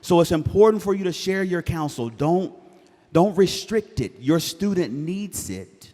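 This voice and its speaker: A man speaking to incoming students' parents at a university event, animated and joking, asking the crowd to answer back. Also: high-pitched, unhurried. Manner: animated, jokey, calls for audience response. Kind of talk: live presentation to parents. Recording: hall reverb.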